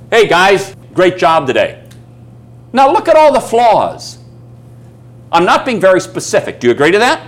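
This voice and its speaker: A man giving a live coaching seminar, who keeps asking the room questions and acts out little stories. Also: mid-range voice. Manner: emphatic, asks the audience questions and acts out stories. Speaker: business coaching speaker. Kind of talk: live seminar talk to an audience.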